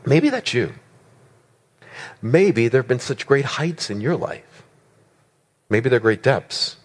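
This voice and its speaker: A man's voice: medium pitch, breathy edge. A male preacher giving a sermon in an emphatic way, asking rhetorical questions and building lists of words.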